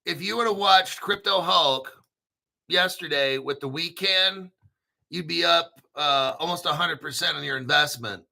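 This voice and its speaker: A man hosting a crypto show in a casual livestream rant, profane and brash, often clearing his throat. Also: on the high side, a little slow, pushed and bright.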